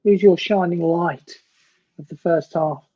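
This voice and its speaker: A woman's voice: on the low side, measured pace, husky, highs cut off. A woman co-hosting a football reaction stream, chatting casually with dry, teasing banter. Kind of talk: casual live match reaction chat.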